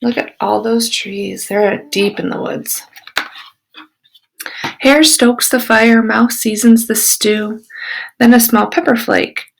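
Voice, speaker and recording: Slow, gravelly-voiced woman reading to kids. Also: fairly high pitch, poor audio. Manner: expressive, with whispered asides. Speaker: teacher. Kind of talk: reading a picture book aloud to children.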